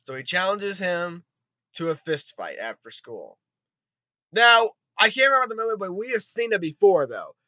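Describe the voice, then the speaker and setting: A man giving a rambling, excitable spoken movie review, swearing often and retelling scenes with quick put-on voices. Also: high voice, no echo, dull audio. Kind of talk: casual spoken film review.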